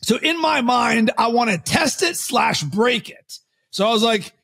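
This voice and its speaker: A man with a strikingly high voice and a gravelly edge talks as a podcast guest. He explains his ideas in a lively conversational way, racing through some phrases and punching others out loud. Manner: fast animated delivery with bursts of loud emphasis. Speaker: podcast guest, coach and founder.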